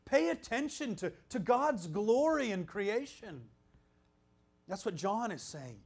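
A man preaching a sermon, emphatic, swinging from loud exclamations down to hushed, almost whispered lines. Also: high voice, big pitch swings, slow, creaky, slightly rough.

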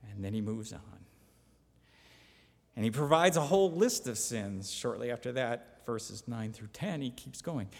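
A man's voice: medium pitch, lively intonation, a little slow, creaky, darkish tone. Male pastor, conversational sermon, emphatic, echoing church hall. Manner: conversational, emphatic, reads scripture aloud. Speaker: pastor or Bible teacher.

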